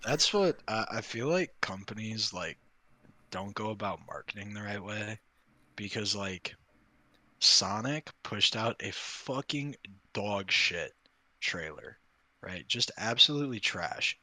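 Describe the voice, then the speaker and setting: Low but really bright voice, guy swearing a bunch on a podcast, dry mic. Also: lively intonation, slow pace, no room sound. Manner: emphatic, swears often. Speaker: podcast co-host. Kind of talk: casual chat.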